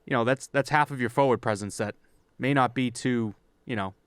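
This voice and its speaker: A man co-hosting a sports podcast, briskly reading through lists of stats and signings and then chatting casually. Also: mid-range voice, clean tone, dry recording. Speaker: podcast co-host.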